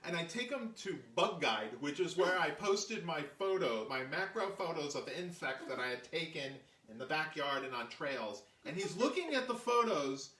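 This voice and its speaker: Man, casual storytelling host, acts out quoted voices, bright tone, slightly high voice, roomy echo, distant mic. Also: sing-song, normal speed, hardly any pauses. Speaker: show host, artist telling a story. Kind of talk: casual storytelling chat, live stream.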